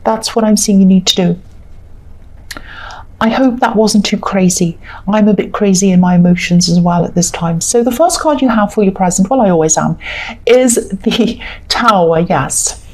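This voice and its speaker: A woman's voice: mid-range voice, moderate pace, darkish tone. Woman, tarot reader, casual, soothing, repetitive, reassuring.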